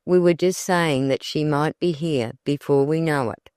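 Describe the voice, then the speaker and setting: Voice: mid-range voice, normal speed, a little mellow, smooth, no room sound, clean studio sound, close to an everyday voice. A narrator reading the part of Dorothy, a good-natured, cheerful young woman.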